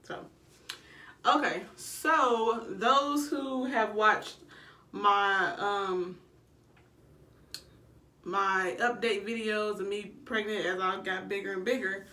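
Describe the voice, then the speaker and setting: A woman's voice: mid-range voice, steady tone, slow pace, long pauses, sharp tone. A young woman, telling her labor story to camera in a blunt, casual way and swearing freely. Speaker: vlogger. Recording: echoey room, a bit far from the mic.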